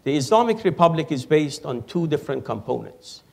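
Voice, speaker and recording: A man, an Iran expert answering on a panel in a lecture hall in a measured, lecturing way. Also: a little high, very animated, gravelly. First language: Persian. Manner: measured, lecturing, dry humor. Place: auditorium with audience.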